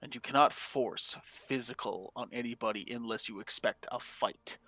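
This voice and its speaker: A man's voice: mid-range voice, fairly even intonation, takes it slowly, a bit bright, no echo. A man playing a stern, lecturing male alien.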